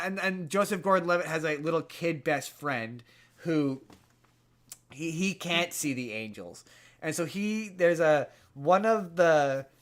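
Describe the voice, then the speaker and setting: A man's voice: fairly high pitch, a bit bright. A man co-hosting a podcast in casual chat, retelling a movie plot in a rambling way with many restarts. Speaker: podcast co-host.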